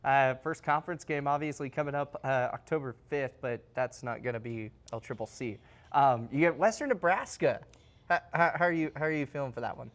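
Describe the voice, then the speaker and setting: A man's voice: mid-range voice, animated, fairly quick. A man hosting a sports interview show, asking long, rambling questions in a casual way.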